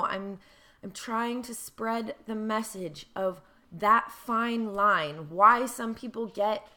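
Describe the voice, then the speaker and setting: A young woman vlogging to camera in a casual, earnest way, mixing emphatic bursts with slow, careful phrasing and the odd swear. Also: medium pitch, a bit bright.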